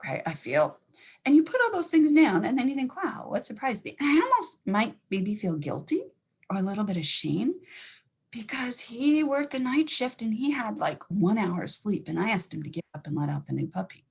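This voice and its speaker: A woman counselor gives an educational talk at a quick clip, often acting out the thoughts running through her head. Her voice is very husky and breathy with a gravelly edge. Her pitch swings widely from line to line. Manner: fast-talking, animated, acts out inner thoughts.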